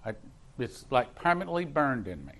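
A man's voice: medium pitch, very animated, moderate pace, a bit bright. A man preaching as a pastor, telling a personal story with emphatic, repeated phrases. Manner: emphatic, rising in intensity, repeats words for stress.

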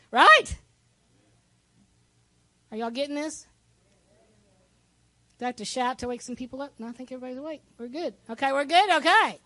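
A woman pastor preaching a sermon in a lively, conversational way, with asides to the congregation. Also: high-pitched, dry recording.

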